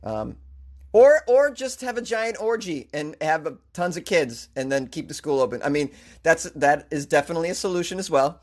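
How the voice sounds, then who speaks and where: A man's voice: on the high side, expressive, normal speed. A man joking his way through a news story, rambling with self-deprecating asides. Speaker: comedic news commentator. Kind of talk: comedic commentary on a news story.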